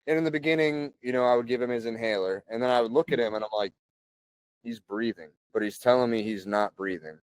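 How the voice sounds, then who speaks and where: A man in his thirties, a podcast guest, talking in a relaxed, chatty way full of "like" and "you know" and clearing his throat often. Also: medium pitch, quick pace, no room sound. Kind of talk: casual conversational storytelling.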